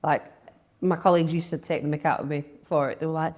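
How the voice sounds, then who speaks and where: A woman's voice: deep voice, fairly even intonation, fast talker, darkish tone. A young woman, talking candidly as an interview guest, chatty, with lots of "like" and quoted thoughts.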